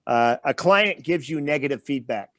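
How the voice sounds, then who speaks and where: A man's voice: mid-range voice, expressive, normal speed, dry recording. A man as the guest speaker and trainer in an interview, explaining with everyday examples and stopping to check in with the listener.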